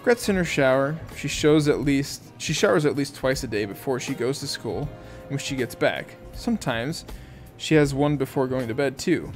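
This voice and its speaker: A man reading first-person audiobook narration in an amused, lively way. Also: medium pitch, normal speed, faint music behind.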